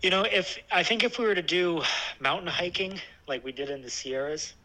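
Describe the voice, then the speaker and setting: Bright-voiced man in casual chat. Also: high voice, brisk, rough recording. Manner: relaxed, thoughtful, many fillers and restarts. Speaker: hiker discussing a trip with his dog.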